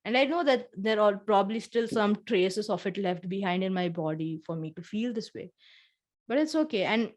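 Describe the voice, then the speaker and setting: A woman's voice: medium pitch, moderate pace. Earnest woman co-hosting a heart-to-heart. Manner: earnest, reflective, lively retelling of own feelings. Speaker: podcast co-host. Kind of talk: casual heart-to-heart conversation.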